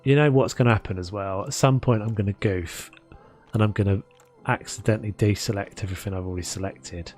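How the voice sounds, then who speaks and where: A man's voice: fairly low pitch, fairly quick, darkish tone, soft background music. A man with a South London accent chatting casually and rambling, self-mocking, while building in a game. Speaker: gaming streamer. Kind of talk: casual gameplay commentary.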